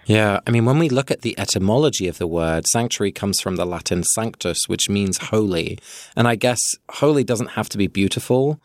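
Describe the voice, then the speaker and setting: A man's voice: on the low side, lively intonation, brisk, no echo, studio quality. A man co-hosting a podcast, musing thoughtfully in a casual reflective discussion. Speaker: podcast co-host.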